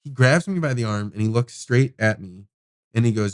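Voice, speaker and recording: A man's voice: mid-range voice, normal speed, no room sound. A man telling a story in a dry, close sound. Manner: rambling, animated, swears freely. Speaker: podcast host. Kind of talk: casual storytelling.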